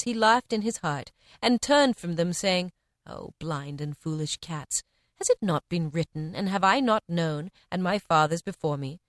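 Expressive woman reading old parables. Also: dry recording, clean studio sound. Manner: measured, expressive reading with varied pitch. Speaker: reader. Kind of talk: scripted narration of parables.

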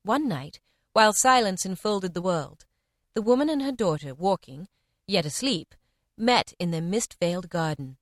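A woman giving a measured, expressive reading of short parables in old-fashioned language. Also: mid-range voice, no echo, clean studio sound. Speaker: reader. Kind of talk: scripted narration of parables.

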